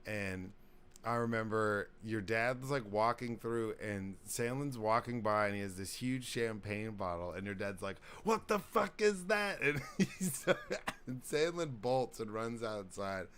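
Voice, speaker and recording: A man's voice: fairly low pitch, unhurried, fairly bright tone, a little hiss or hum. A man in his thirties, a podcast host, telling old party stories in casual chat and swearing freely. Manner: laid-back storytelling, heavy swearing.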